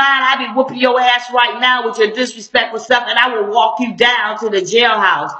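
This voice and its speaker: This middle-aged civil rights activist's impassioned video commentary is blunt, confrontational, and full of street slang. Her forceful, sharp voice is fairly high and steady, at a moderate pace with hardly any pauses, echoing in a room on dull lo-fi audio.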